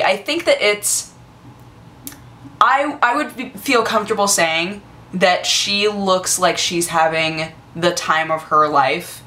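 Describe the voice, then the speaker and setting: A young woman in her twenties chats casually to the camera for her vlog, gushing and excitable and full of fillers. Her voice sits on the low side, and she speaks slowly.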